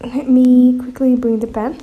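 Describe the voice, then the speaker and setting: A woman gives a beginner vocabulary lesson at a slow, careful pace. Her voice sits a little high, and she pronounces each word deliberately before repeating it. She often checks in with listeners by asking "okay?". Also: flat delivery, breathy edge, phone-quality sound. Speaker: language teacher.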